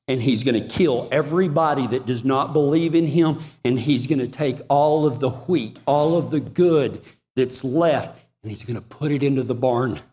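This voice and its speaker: A man preaching a sermon with passion, swinging from loud urging to hushed pleading. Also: mid-range voice. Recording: long reverb of a hall.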